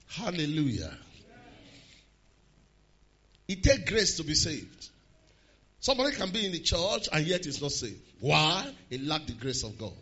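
A man preaching a sermon, swinging from quiet asides to slow, shouted declarations. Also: a little high, very animated, husky, dull audio. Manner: swings from quiet to shouted emphasis, slows hard on key lines.

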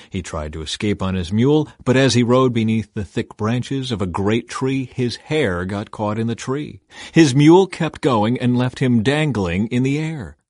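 A man narrating a Bible passage in a measured, solemn reading style. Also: medium pitch, a little mellow, no echo, clean studio sound. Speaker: Bible reader. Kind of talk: scripted narration.

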